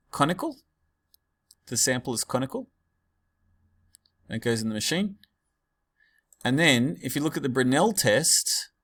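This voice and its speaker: Casual male teacher lecturing. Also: mid-range voice. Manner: casual, digressive, many fillers. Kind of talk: classroom lecture.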